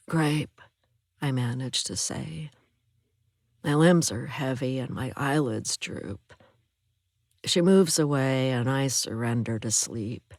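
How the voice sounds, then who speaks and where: Low-voiced woman narrating an audiobook. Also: no room sound, clean studio sound. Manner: measured, even storytelling. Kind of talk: scripted first-person narration.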